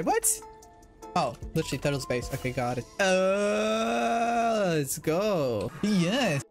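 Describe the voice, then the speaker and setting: A man talks through his building game in a playful, excitable way and thinks out loud as he goes. He keeps breaking into goofy beeps and little sound effects. Faint music plays softly behind him. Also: high-pitched, slow pace. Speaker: Minecraft video creator.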